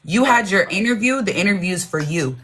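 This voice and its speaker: A woman runs a casual interview in a husky, slightly breathy voice. She asks direct questions and presses the guest for answers. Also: mid-range voice, lively intonation, brisk, a bit bright, low-quality recording.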